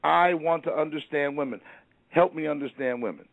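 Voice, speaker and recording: A man's voice: fairly high pitch, normal speed, vocal fry, no echo, voice pushed up. A male storyteller voicing a timid man who is terrified of planes and boats, panicky and whining. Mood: pleading. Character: timid middle-aged man terrified of travel. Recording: dry, phone-like narrow sound.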